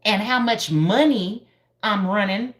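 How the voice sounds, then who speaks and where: A hairstylist from Denver chatting playfully on a live stream, laughing often and answering viewers' comments. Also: female voice, mid-range voice, slow. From Denver, Colorado. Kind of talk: casual live-stream chat. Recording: echoey room.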